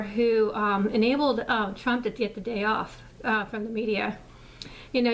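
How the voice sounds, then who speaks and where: A woman vlogger ranting casually to her viewers, rambling and exasperated, with frequent swearing and fillers. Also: a little high. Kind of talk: casual rant to camera.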